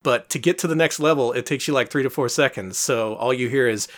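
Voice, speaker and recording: A man's voice: mid-range voice, fairly quick, fairly bright tone. A man co-hosting a casual podcast about retro games, explaining things in a wry, chatty way and laughing often. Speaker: podcast co-host.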